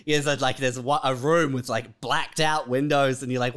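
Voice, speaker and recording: A man in casual comedy podcast banter, blunt and crude, quick to mock with impressions. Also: medium pitch, steady tone, fairly bright tone.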